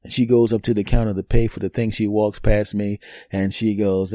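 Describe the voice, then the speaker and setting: A man's voice: lowish voice, level tone, normal speed, dark tone, no room sound, clean studio sound. A man around fifty telling a story on his podcast, boastful and joking, sometimes mimicking other people's voices. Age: 50s. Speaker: podcast host. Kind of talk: storytelling monologue.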